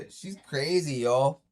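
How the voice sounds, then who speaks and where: A man's voice: fairly high pitch, expressive, extremely slow, a little hiss or hum. A man on a casual live stream, trash-talking in a brash, profane way and laughing often. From Indigenous North America. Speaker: livestreamer. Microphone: streaming mic at home.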